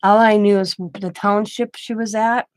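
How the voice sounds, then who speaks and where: Speaking unhurriedly in a steady, slightly mellow medium-pitched voice, this woman is a grandmother with a craft channel. She tells a personal story casually and meanderingly, quoting others in her own voice, with no room sound on the recording.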